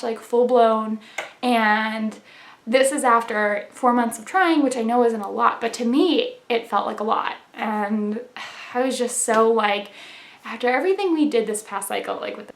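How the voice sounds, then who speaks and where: A woman's voice: on the high side, fairly bright tone. Young woman rambling on her vlog, lots of likes and laughs, bit of room echo. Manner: chatty, rambling, with many "like"s and laughs. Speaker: vlogger. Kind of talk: casual confessional vlog. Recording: echoey room.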